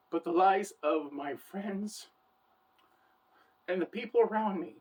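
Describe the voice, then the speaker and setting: A woman's voice: lowish voice, unhurried, pauses often, darkish tone, slightly rough. A woman in her forties telling personal stories to camera in an earnest, heartfelt way, often saying "for the record". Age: 40s. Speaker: vlogger. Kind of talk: personal storytelling monologue.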